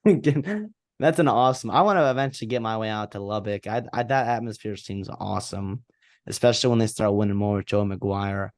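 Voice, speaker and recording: A man's voice: fairly low pitch, brisk, darkish tone, no room sound, studio quality. A man co-hosting a sports podcast, talking casually and rambling with many restarts and fillers. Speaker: podcast co-host.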